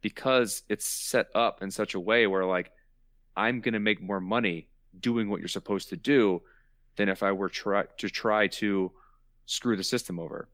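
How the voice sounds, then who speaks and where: Low-voiced man explaining with emphatic repetition. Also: moderate pace, a bit bright, no room sound, studio quality. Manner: explanatory, repeats words for emphasis. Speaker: podcast host. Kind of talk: casual chat.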